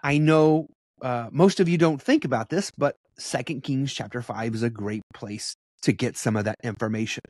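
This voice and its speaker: A man teaching from the Bible in a casual preaching style, conversational and animated with blunt asides. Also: medium pitch, normal speed, no echo, studio quality.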